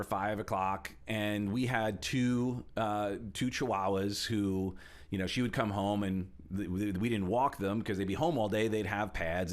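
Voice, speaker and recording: Animated middle-aged male coach. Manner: animated, shifts pitch a lot for emphasis, acts out quotes. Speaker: speaker and coach. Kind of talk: motivational talk.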